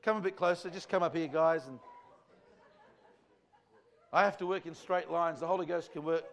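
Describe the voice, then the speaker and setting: A man's voice: a little high, normal speed, creaky, fairly bright tone. A man preaching a revival sermon to a church congregation, fervent and rambling in a conversational way. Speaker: visiting evangelist.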